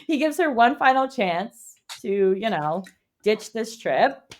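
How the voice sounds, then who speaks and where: A woman co-hosting a book club podcast, reading a plot summary and then chatting in an animated way, laughing and swearing. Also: fairly high pitch, takes it slowly, slight background noise. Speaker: podcast co-host. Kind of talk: read summary and casual book chat.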